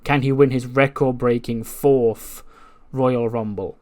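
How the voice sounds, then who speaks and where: A man's voice: mid-range voice, steady tone, takes it slowly, a little mellow. A man casually narrating a wrestling management game, chuckling at his own storylines. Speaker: gaming channel host. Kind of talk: casual let's-play narration.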